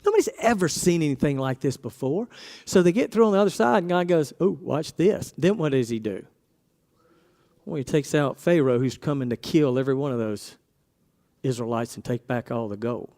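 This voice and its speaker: A man's voice: mid-range voice, lively intonation, a little fast, darkish tone. A man preaching a casual sermon, asking his congregation questions and acting out quoted voices.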